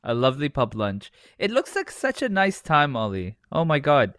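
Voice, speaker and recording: A man's voice: mid-range voice, wildly swooping pitch, moderate pace, a bit bright, no room sound, studio quality. A man co-hosting a podcast in casual chat, joking and swearing a lot. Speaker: podcast co-host. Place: hot desert city.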